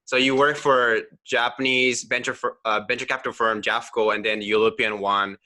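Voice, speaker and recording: A man's voice: medium pitch, steady tone, moderate pace, bright, forceful tone. A man hosting an interview, who gives short backchannels and asks clarifying questions in a conversational way. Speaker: interview host.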